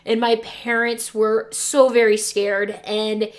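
A woman's voice: a little high, level tone, slow. A young woman, a teacher hosting a podcast, telling a personal story in an earnest, emotional way with frequent fillers.

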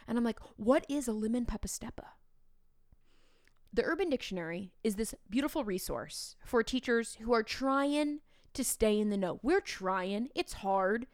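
A woman's voice: a little high, dry recording. Chatty woman in her thirties, dry sound. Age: 30s. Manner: chatty and animated, with playful asides to the listener. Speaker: teacher and podcast host. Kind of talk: casual podcast talk.

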